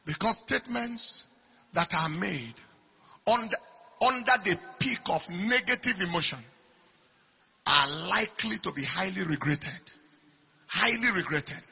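High, bright male preacher, husky, lo-fi. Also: animated, measured pace, pauses often. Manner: swings from quiet to shouted declarations; repeats phrases for emphasis. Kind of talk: sermon. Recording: dull lo-fi recording.

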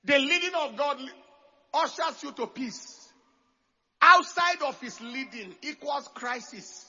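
A man preaching a sermon as pastor, swinging from quiet talk to loud calls for the congregation to answer. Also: very high-pitched, lively intonation, slow pace, muffled recording.

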